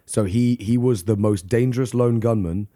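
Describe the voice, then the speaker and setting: A man's voice: on the low side, moderate pace, mellow. A man co-hosting a casual true-crime podcast, joking and swearing as he tells the story. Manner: jokey, swears, breaks into laughter and mock voices. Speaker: podcast co-host.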